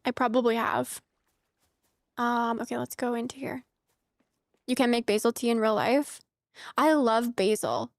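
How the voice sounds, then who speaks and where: A woman's voice: a little high, unhurried, pauses often, dry recording, studio quality. A young woman from the United States chatting casually with her viewers while streaming a game, giggly and full of filler words. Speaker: streamer playing a farming game.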